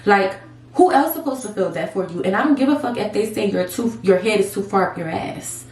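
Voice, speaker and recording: A woman's voice: mid-range voice, expressive, fairly quick, a little mellow. A young woman vlogging while styling a wig at home, talking candidly and swearing freely in casual girl-talk. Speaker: beauty vlogger. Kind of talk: casual chatty vlog. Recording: echoey room with faint noise.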